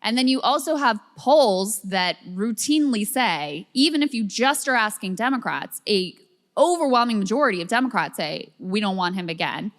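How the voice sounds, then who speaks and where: A woman co-hosting a political commentary show, chatty and quick to laugh, explaining things step by step. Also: medium pitch, expressive, long reverb tail. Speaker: co-host.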